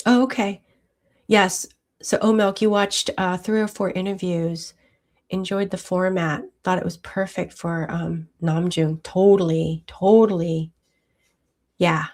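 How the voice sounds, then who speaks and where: A woman in her sixties from Hawaii hosts a casual livestream, reading viewer comments aloud and responding chattily with plenty of fillers and soft laughs. Her voice is on the low side, fairly even in intonation and a little slow.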